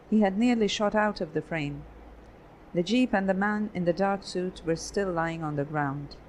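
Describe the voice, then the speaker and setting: A woman narrating an audiobook in a steady, even reading voice. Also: fairly low pitch, slight background noise, low-quality recording. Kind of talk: scripted narration.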